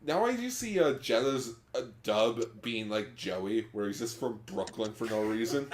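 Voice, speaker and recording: Casting: young male co-host, expressive pitch, playful, roomy recording. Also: unhurried, slight background noise. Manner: playful, slips into joking character voices. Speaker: podcast co-host. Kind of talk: casual chat.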